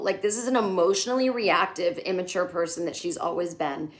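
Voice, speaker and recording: A woman's voice: mid-range voice, big pitch swings, brisk, hardly any pauses. A woman hosting a casual TV recap, candid and sarcastic, and swearing freely. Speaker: comedian host.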